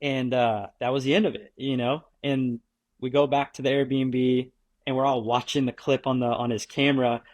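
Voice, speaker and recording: A man's voice: medium pitch, level tone, moderate pace. A young man, a guest, telling a story in a laid-back way, saying dude and like constantly. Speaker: guest skateboarder. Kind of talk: casual storytelling.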